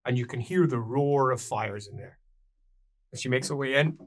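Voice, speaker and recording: A man narrating a tabletop role-playing game as game master, in a relaxed storytelling manner. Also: mid-range voice, normal speed. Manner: storytelling, relaxed, clears throat often.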